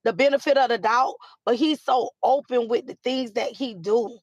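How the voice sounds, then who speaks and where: A woman hosting a casual live chat with viewers, animated and repetitive, with many fillers. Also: a little high, moderate pace, no echo, muffled recording. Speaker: live stream host.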